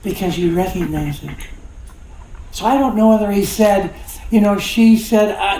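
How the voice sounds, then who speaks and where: A man's voice: sits high, normal speed, warm tone. A pastor in his sixties preaching a sermon in a folksy, conversational way, with jokes and laughter. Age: 60s. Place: church sanctuary. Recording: echoey church hall.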